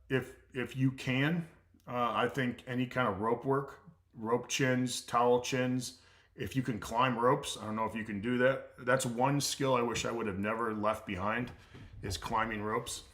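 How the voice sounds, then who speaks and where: A man's voice: medium pitch, a bit bright. Blunt middle-aged American man. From United States. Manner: blunt, repeats himself, lots of "uh" fillers. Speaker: strength coach answering livestream questions. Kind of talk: casual livestream Q&A.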